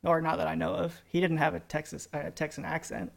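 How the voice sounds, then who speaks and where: A man co-hosting a podcast in casual chat, telling dry, deadpan anecdotes. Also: a little high, a little fast, vocal fry. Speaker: podcast co-host.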